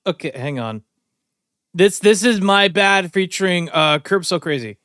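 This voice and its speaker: Giggly streamer with a smooth, dry voice. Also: male voice, high voice, expressive, a little slow, sharp tone, no echo. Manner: giggly, breaks into laughter, thinks aloud. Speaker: streamer reacting to music. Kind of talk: casual reaction chat.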